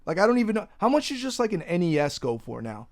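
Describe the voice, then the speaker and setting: A man's voice: sits high, very animated, fast talker, darkish tone. A young man hosting a casual podcast, ranting animatedly and swearing freely. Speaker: podcast host.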